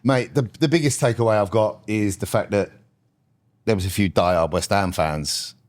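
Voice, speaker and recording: A man in his thirties with a low voice. He chats on a podcast in relaxed banter, with easy asides to his co-host. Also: normal speed. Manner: laid-back, blokey banter. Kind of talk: casual chat.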